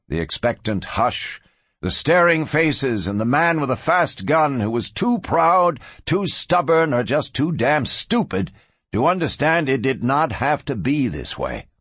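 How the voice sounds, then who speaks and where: A man reading a western story aloud in a dramatic, expressive narration. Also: medium pitch, husky, no room sound. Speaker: audiobook narrator.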